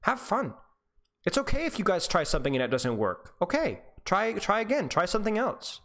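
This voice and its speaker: A man's voice: high voice, wildly swooping pitch, brisk, fairly bright tone. Man, esports coach, encouraging, repetitive, story-telling, voice chat session. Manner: encouraging, repetitive, tells stories to make a point.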